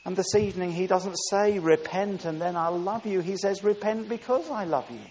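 A man preaching a sermon with emphatic delivery, dropping soft and rising loud. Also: on the high side. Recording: long reverb with faint hiss.

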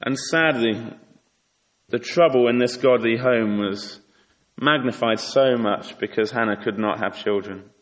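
A man's voice: mid-range voice, a little slow, fairly bright tone. A man preaching a sermon in an earnest, exhorting way, asking rhetorical questions. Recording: echoey hall with long reverb.

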